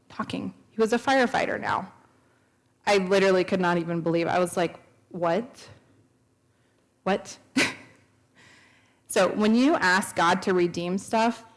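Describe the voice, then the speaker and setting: Woman, thirties, church testimony, earnest storyteller, slightly low voice, acts out quoted lines. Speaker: speaker at a church. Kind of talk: personal testimony talk. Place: church sanctuary.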